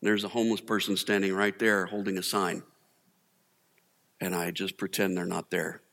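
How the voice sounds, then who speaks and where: A man's voice: low voice, level tone, normal speed, gravelly, a bit bright. Guy pastor preaching, joking around, big echoey church hall. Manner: humorous, conversational preaching with acted quotes. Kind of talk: sermon. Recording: long hall reverb.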